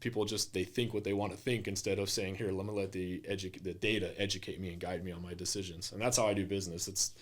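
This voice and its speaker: A man who works as a real estate agent, chatting casually on a podcast and acting out quoted clients with lively energy. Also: low-pitched, quick pace, few pauses.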